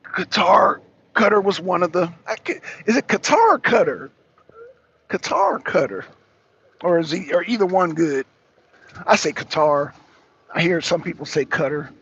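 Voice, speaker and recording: A man's voice: high voice, animated, normal speed, gravelly, fairly bright tone, breathy edge. Chatty man streaming to his viewers. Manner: loose, chatty, talks to viewers and chat. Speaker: talk show host. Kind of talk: casual live-stream commentary. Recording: dull lo-fi stream with faint noise.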